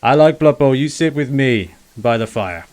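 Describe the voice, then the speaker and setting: A man voicing a big, friendly, simple-minded male ogre who talks in loud broken phrases in a tabletop role-play. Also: medium pitch, lively intonation, moderate pace, lightly acted. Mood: excited.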